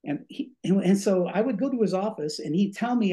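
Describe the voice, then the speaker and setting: A man's voice: high voice, brisk, hardly any pauses. An older man, a former radio DJ, telling stories as a guest, acting out voices and a bit short of breath. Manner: animated, acts out voices in his stories. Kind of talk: storytelling in a podcast interview.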